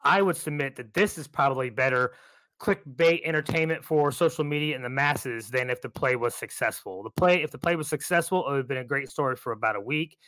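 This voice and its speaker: A man co-hosting a sports podcast, making his points in a measured, reasoning way. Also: mid-range voice, a bit bright, no echo. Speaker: podcast co-host.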